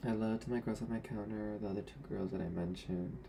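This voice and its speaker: A man's voice: on the low side, steady tone, fairly quick, creaky, background noise. A young man, a former retail worker, speaking to camera in a candid, sassy and blunt rant about old coworkers.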